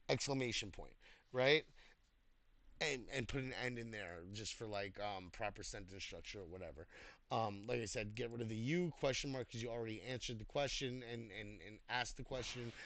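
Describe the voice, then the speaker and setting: A tired man giving casual spoken feedback on a writing post, halting, with many fillers and restarts. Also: mid-range voice, no echo. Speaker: writing coach reviewing posts. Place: home desk, online voice chat.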